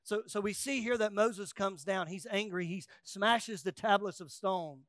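A male pastor preaching a sermon, rising to loud emphatic peaks and dropping to quiet asides, acting out quoted voices with humor. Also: sits high, unhurried, dry recording, studio quality.

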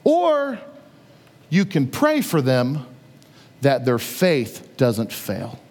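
A man preaching a sermon as a pastor, conversational and animated, retelling scripture with playful asides. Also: medium pitch, drawn-out words, big-room sound.

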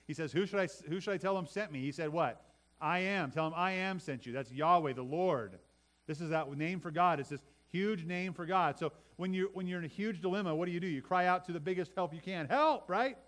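A middle-aged man, a pastor, preaching a sermon to his congregation, often repeating words and swinging between loud and soft for emphasis. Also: on the high side, a little fast.

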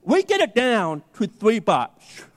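A man with a high, lively voice preaches a sermon, acting out the voices in his story. Long reverb from a church hall surrounds him. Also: slow. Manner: animated storyteller, acting out dialogue. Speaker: pastor.

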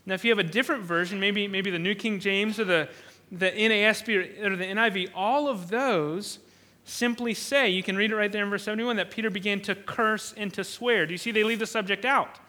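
A man's voice: sits high, fairly even intonation, a little fast, sharp tone. A man preaching an expository sermon who often repeats words while he thinks and acts out the quoted lines. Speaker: pastor.

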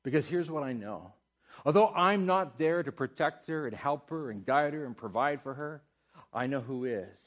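A middle-aged man preaching a sermon as a pastor, moving between loud, emphatic exhortation and soft, tender prayer. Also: mid-range voice, expressive, moderate pace.

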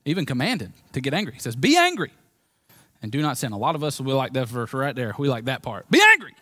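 A man with a Southern US accent preaching a sermon as pastor, swinging between loud emphasis and quiet, low moments. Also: fast talker, no echo.

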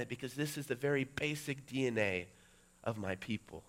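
A middle-aged male pastor preaching a sermon, building to loud, emphatic peaks. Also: medium pitch, brisk.

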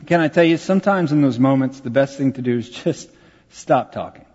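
A man's voice: medium pitch, animated, a little fast, a little mellow, slightly rough. Male pastor, self-deprecating sermon storytelling, long church reverb, slightly muffled sound. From Texas, USA.

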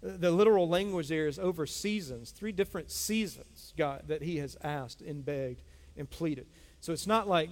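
Speaking at normal speed with few pauses, this middle-aged male pastor has a darkish, higher-than-average voice. He delivers an emphatic sermon full of repetition and call-outs to the congregation, and the church sanctuary gives it a long hall reverb.

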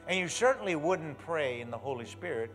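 High-pitched, bright-voiced male preacher. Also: brisk, soft background music. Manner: animated, shifts from hushed to loud exhortation; leads the congregation in call-and-response. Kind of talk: sermon. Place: church.

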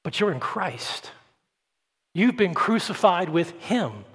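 A man's voice: high voice, very animated, slow pace, fairly bright tone, slightly rough. A man preaching a sermon as pastor, earnest, often repeating words as he starts a sentence. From Atlanta, Georgia, US. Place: church sanctuary. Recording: long church-hall reverb.

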